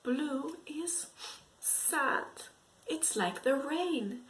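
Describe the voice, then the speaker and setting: Slow, lively woman teaching preschoolers. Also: fairly high pitch. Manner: slow, exaggerated and expressive, with gasps and whispered asides. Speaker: English teacher for young children. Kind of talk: storytelling lesson for preschoolers.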